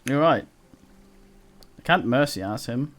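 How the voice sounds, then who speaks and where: A man's voice: medium pitch, animated, measured pace, a bit bright. A male streamer giving casual live commentary while he plays, rambling and swearing, with frequent restarts. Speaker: game streamer.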